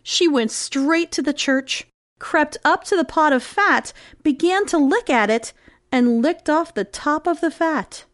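A woman narrating a fairy tale in an expressive, sing-song storytelling manner. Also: high-pitched, unhurried, no room sound, studio quality.

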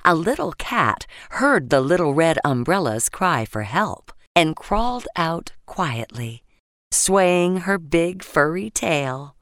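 Woman reading a kids bedtime story, slow and lively, dry close sound. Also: sits low, dry recording. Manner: gentle, expressive, with sound effects. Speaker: narrator. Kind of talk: children's bedtime story narration.

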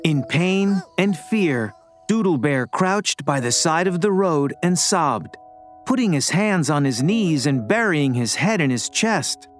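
A woman's voice: sits low, lively intonation, slow pace. Woman narrating a children's cartoon. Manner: dramatic, suspenseful. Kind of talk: scripted storybook narration. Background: children's music.

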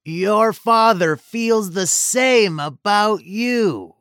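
A woman's voice: mid-range voice, animated, extremely slow, fairly bright tone, dry recording, clean studio sound, voice pushed down. A woman doing a patient, wise old mouse. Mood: reassuring. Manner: patient, explaining. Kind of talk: storybook narration.

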